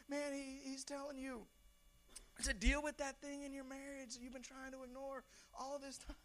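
A young man preaching a sermon in a church, talking conversationally, stumbling over repeated words and now and then shouting lines for emphasis. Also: very high-pitched, fairly even intonation, moderate pace. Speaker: pastor.

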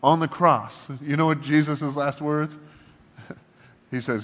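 Animated pastor preaching in a reverberant hall. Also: male voice, a little high, slow. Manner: animated, humorous, acts out prayers to God in a shifting voice. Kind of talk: casual conversational sermon. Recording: long reverb of a large hall.

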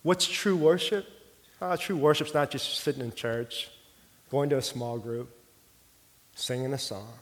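A middle-aged man preaching a sermon, telling a personal story in an earnest, heartfelt way and sometimes dropping his voice soft. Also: fairly high pitch, a little slow. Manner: earnest storytelling, drops soft for quoted prayer. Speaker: pastor. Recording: long hall reverb.

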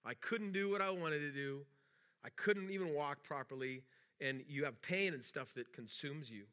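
Male pastor, middle-aged, bright and slightly high, loose anecdotal sermon delivery. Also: normal speed. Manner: rambling storytelling with restarts; acts out quoted dialogue in a raised voice.

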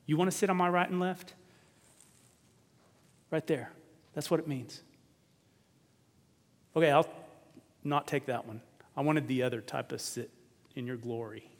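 A man's voice: on the high side, steady tone, a little slow, long pauses. A man preaching a sermon, asking his listeners questions, stressing words and often repeating himself. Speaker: pastor. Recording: long reverb of a hall.

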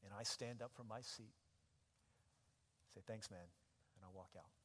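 A man preaching a sermon as a pastor, telling a dramatic story that swells into loud, impassioned shouting. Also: on the low side, moderate pace, a little hiss or hum. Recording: echoey hall with long reverb.

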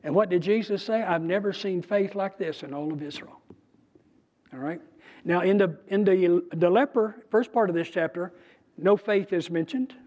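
Man teaching scripture, high voice. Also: darkish tone, dull audio. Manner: conversational, emphatic, with pauses and restarts. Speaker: preacher. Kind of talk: bible teaching.

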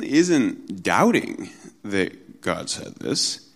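A man with a very low, deep voice delivers a Sunday morning sermon. He speaks earnestly and conversationally and slows down to lean on key phrases. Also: expressive. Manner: earnest preaching, slows for emphasis, mimics mocking tones in quotes. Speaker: pastor.

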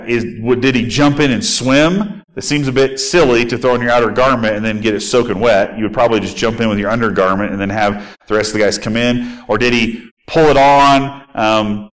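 A man's voice: lowish voice, moderate pace, rough recording. A man giving a casual, conversational Bible teaching. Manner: conversational and informal.

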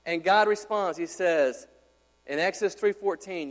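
Here the same thirty-something pastor keeps a moderate pace, his high voice driving home the sermon with one rhetorical question after another. The recording carries a long, hall-like echo.

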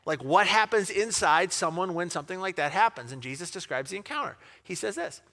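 A man preaching a sermon, telling a parable in an animated way, with asides and rhetorical questions. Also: high-pitched, fairly quick. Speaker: pastor.

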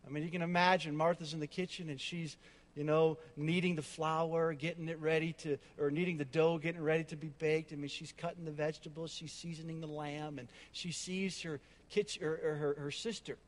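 A man preaching a sermon, emphatic and repetitive, with casual conversational asides. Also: on the high side. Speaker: pastor. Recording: long hall reverb.

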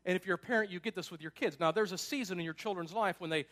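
A man's voice: high-pitched, racing, hardly any pauses, a bit bright. A man preaching a conversational sermon to his congregation, emphatic and casual, with frequent asides. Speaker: pastor.

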